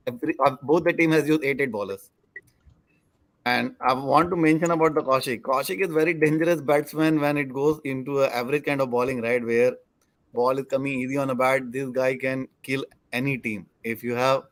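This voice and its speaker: Male panel analyst, earnest, halting, dry video-call audio. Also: medium pitch, a bit bright, no echo. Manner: earnest, restarts sentences, non-native grammar. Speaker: cricket analyst.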